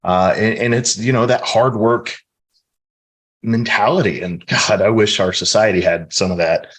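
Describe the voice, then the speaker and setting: A man's voice: lowish voice, moderate pace, fairly bright tone, husky. A middle-aged man from the American Midwest, earnestly telling stories from his life as a guest in a casual podcast interview. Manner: earnest, storytelling, reflective.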